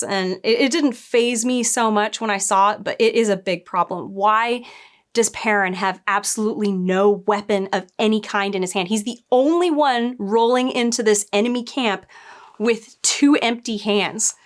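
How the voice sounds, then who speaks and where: Exasperated woman reviewing a TV show. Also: medium pitch. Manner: exasperated, sarcastic, mocks characters with quoted voices. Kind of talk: casual review commentary.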